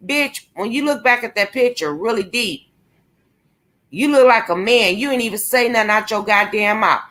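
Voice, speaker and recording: A woman's voice: mid-range voice, animated, normal speed, a bit bright. A young woman vlogging a confrontational, profane rant, taunting and cursing at someone she calls out. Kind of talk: angry profane rant to camera.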